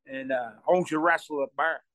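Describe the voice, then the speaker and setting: A man's voice: on the high side, fast talker, no room sound. A man telling a rambling story, repeating himself and laughing as he goes. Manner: acts out quoted voices loudly. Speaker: storyteller guest. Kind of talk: casual storytelling.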